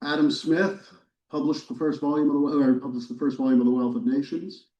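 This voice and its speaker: A man, a history professor, giving a relaxed, wry lecture to a church audience, with casual fillers and restarts. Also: fairly high pitch, a little fast. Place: church hall, recorded live. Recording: roomy, distant, dull lecture recording.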